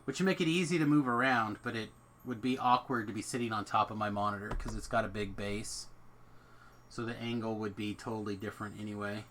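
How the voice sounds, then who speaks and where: A man's voice: lowish voice, steady tone, a little fast, noisy background. A man hosting a game stream from home, chatting casually and thinking aloud as he plays. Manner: rambling, thinks aloud about his setup. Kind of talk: casual chat while gaming.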